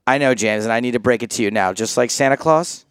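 A man's voice: mid-range voice, fast, smooth, no room sound. Joking American man, dry close sound. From United States. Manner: joking, laughs often, rambling asides. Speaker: co-host. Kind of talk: casual podcast banter.

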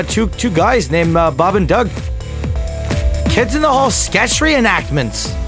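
A man's voice: high voice, heavily acted. A man voicing a corny commercial announcer, tagging lines with eh. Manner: over-the-top jokey ad read, tags lines with eh.

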